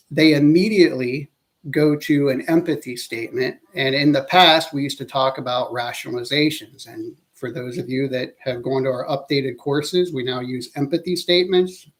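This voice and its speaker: A man with a slightly high voice gives an instructional talk as an interview-training instructor. His delivery is measured and earnest, and now and then he corrects himself mid-sentence.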